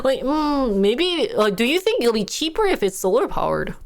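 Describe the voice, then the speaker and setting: A woman's voice: sits high, big pitch swings, moderate pace. A woman streaming live, chatting casually with her viewers, reacting to news items with frequent laughter.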